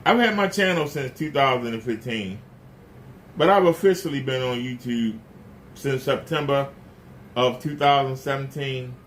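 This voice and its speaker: Ranting to camera on his YouTube channel, a man speaks at normal speed in a medium pitch, indignantly repeating rhetorical questions in a casual way. A little hiss or hum sits under the audio.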